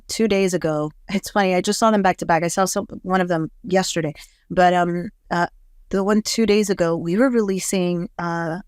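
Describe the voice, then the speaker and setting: A woman's voice: fairly low pitch, smooth, no room sound, studio quality. A woman hosting a podcast, talking casually and reflectively with frequent fillers. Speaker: podcast host. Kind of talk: casual conversation.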